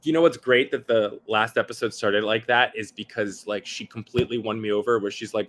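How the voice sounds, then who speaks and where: A man's voice: lowish voice, steady tone, brisk, few pauses, a bit bright. A man chatting casually as a podcast guest, talking with animation and mimicking the people he describes. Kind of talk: casual chat. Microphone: video call.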